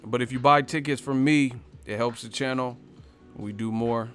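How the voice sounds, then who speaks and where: Soft music plays behind this boxing live stream, where the host talks at normal speed in a medium-pitched voice. He addresses viewers directly, casual and profane, with plenty of jokes and asides.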